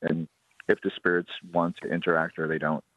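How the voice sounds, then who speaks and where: A man, a ghost tour guide telling a ghost story on a radio interview in a steady, unhurried way. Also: low voice, dry recording. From Hawaii. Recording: dry, tinny phone line.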